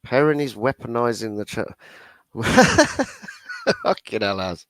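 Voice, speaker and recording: A man's voice: mid-range voice, wildly swooping pitch, slow, a bit bright, no echo. A man hosting a casual livestream chat, blunt and full of swearing, laughing often. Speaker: livestream host.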